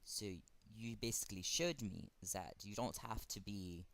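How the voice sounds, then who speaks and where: A man with a German accent delivers a heartfelt tribute straight to the camera. His voice sits a little low. He talks slowly and haltingly, stopping often to find his words. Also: fairly bright tone. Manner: earnest, halting, with frequent pauses. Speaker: fan vlogger. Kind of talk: earnest direct-to-camera tribute.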